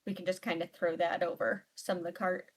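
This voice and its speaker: Hesitant woman player, soft-spoken. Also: on the low side, level tone, brisk, slightly rough. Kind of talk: in-character tabletop role-play.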